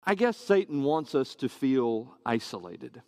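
A man's voice: medium pitch, expressive, a little slow, a little mellow, dry recording, studio quality. A man preaching a sermon to his congregation, earnest and conversational, often asking rhetorical questions.

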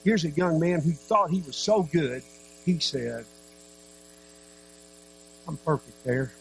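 A man preaching a sermon, with a voice pitched a little higher than most men's. He speaks earnestly, with dramatic pauses and sudden drops to a soft voice. A faint mains hum sits behind him. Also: animated, creaky, low-quality recording.

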